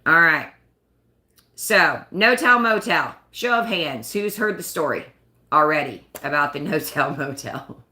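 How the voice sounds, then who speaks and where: A woman's voice: deep voice, expressive, measured pace, pushed and bright, roomy sound. A woman hosting a casual live stream, chatting and rambling in a self-conscious way. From United States. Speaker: livestream host.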